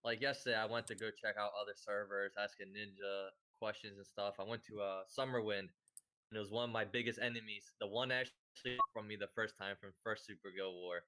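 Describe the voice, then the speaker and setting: A man's voice: fairly low pitch, steady tone, brisk, bright, forceful tone. A man guesting on a podcast, talking earnestly and casually about playing an online game for fun, filling his speech with "like" and "you know". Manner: earnest, repetitive, easygoing, heavy use of "like" and "you know".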